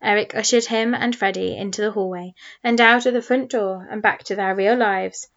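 A woman reading a children's storybook aloud in a steady, expressive narrating voice. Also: mid-range voice, normal speed. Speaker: audiobook narrator. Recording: slightly muffled recording.

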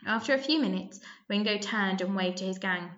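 A woman narrating a children's story aloud, lively and expressive, with small slips. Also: mid-range voice, fairly quick, lo-fi sound.

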